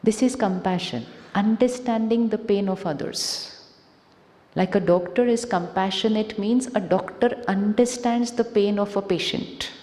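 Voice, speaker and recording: A woman's voice: medium pitch, measured pace, warm tone. A woman with an Indian English accent gives an inspirational talk to a live audience, asking them questions and switching into Hindi. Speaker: spiritual speaker. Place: large conference hall. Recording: echoey hall with long reverb.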